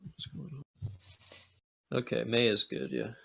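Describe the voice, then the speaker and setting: A man's voice: mid-range voice, steady tone, a little slow, creaky, bright, forceful tone, slightly rough. A man giving live commentary on a board game match, joking and sarcastic. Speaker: Scrabble commentator.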